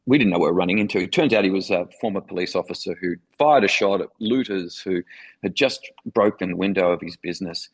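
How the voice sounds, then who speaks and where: Gravelly Australian man telling war stories. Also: low-pitched, quick pace, low-quality recording. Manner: enthusiastic, vivid anecdotal storytelling. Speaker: former foreign correspondent, guest. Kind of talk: storytelling interview.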